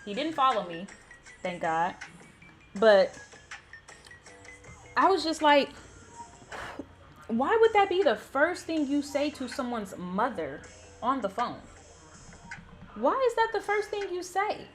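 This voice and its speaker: A woman in her thirties hosting a gaming channel, telling a story in a blunt, animated way and swearing freely. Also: sits high, slow pace, pauses often, soft background music. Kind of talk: casual storytime chat.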